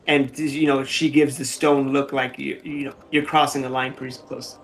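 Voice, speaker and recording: A man narrating a tabletop game as game master, relaxed and full of fillers. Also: mid-range voice, moderate pace, few pauses.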